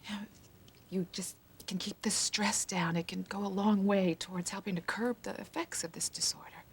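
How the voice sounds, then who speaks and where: Kind doctor lady, soft almost whispery, calming. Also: medium pitch, moderate pace, husky. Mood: reassuring. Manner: soft, reassuring, often hushed. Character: caring female doctor.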